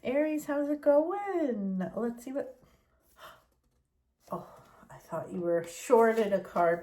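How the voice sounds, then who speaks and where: Slow, chatty woman reading tarot. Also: on the high side. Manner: chatty, unhurried and expressive. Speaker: tarot reader.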